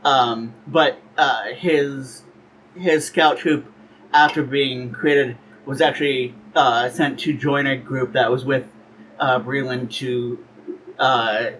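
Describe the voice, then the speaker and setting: A man introducing his character in a tabletop game, hesitant and full of pauses and fillers. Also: mid-range voice, steady tone, fairly bright tone, slight background noise, poor audio.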